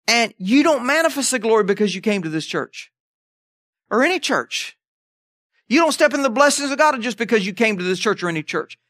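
A man's voice: very high-pitched, fairly bright tone, no echo, studio quality. A man preaching a sermon in a conversational way, checking in with the congregation as he goes. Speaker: pastor.

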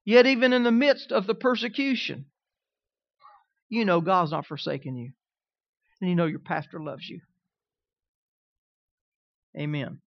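A man preaching as a pastor, swinging between loud, emphatic lines and quiet, conversational asides. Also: high voice, a little slow, gravelly, long pauses, no room sound, lo-fi sound. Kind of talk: sermon.

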